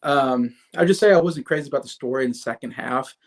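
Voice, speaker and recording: A man's voice: mid-range voice, fast talker. A man in his thirties hosting a casual livestream, reviewing movies in a rambling way with many fillers and restarts and chatting with viewers. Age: 30s. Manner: chats with viewers in the comments.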